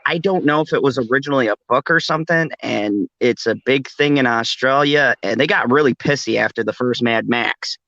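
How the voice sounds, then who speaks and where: A man's voice: medium pitch, a little fast, hardly any pauses, bright, forceful tone, no room sound, highs cut off. A man hosting a casual late-night chat, rambling and laughing often. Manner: laughs often, rambling, does a mock Australian accent. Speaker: podcast host.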